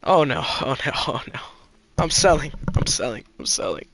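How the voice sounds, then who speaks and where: A man streaming a game, chatting casually with his viewers and chat, excitable and swearing in bursts of exclamations. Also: medium pitch, moderate pace, creaky, dry recording. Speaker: gaming streamer.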